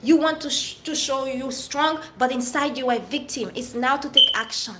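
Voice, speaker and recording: Higher-pitched woman venting in an echoey room. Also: normal speed. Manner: direct, addresses an absent friend. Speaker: vlogger. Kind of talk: emotional personal vlog rant. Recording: echoey room with faint noise.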